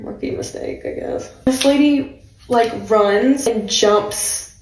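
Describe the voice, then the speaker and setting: A woman's voice: on the high side, slow pace, darkish tone, roomy sound, poor audio. A young woman telling a personal story in a casual vlog, chatty and laughing often, with lots of filler words.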